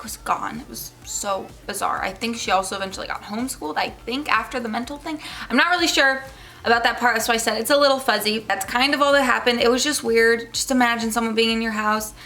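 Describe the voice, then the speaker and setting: A woman's voice: a little high, creaky. A young woman vlogger casually telling a rambling story to her viewers, with lots of fillers. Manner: animated, rambling, with many fillers.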